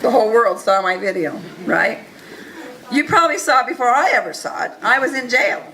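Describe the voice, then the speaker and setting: A woman telling an audience a first-person story in an earnest, animated way, acting out the dialogue. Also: on the high side, brisk, rough recording. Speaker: speaker recounting events to an audience.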